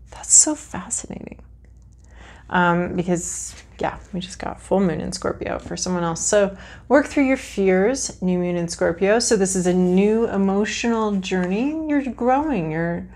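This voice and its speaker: Chatty woman with a gravelly edge. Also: medium pitch, darkish tone. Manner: chatty, frank, swears casually, thinks aloud while drawing cards. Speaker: tarot reader. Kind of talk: casual card reading to camera.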